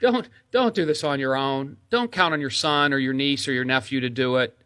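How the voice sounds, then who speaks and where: A man hosting a call-in radio show about insurance, speaking haltingly with many restarts. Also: medium pitch, sharp tone, smooth, no echo. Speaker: radio host, insurance agent.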